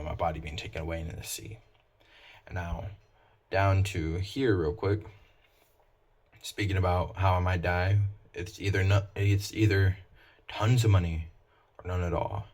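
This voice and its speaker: A man casually explaining his own song lyrics in a flat, low-emotion way, with many fillers. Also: slightly rough.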